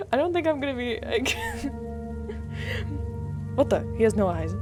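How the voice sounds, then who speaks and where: Woman streamer reading a game out loud, slow and wry, giggles a lot, game music under her. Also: sits high, huge pitch swings. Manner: wry and chatty, often breaking into giggles. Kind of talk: let's play, reading game text aloud.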